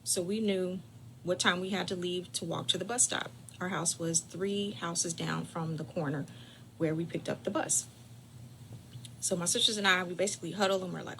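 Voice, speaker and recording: A woman host telling a personal family story in a lively, dramatic way, chatting directly with her listeners and dropping to whispers for suspense. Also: lowish voice, moderate pace, creaky, a little hiss or hum. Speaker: caregiving channel host.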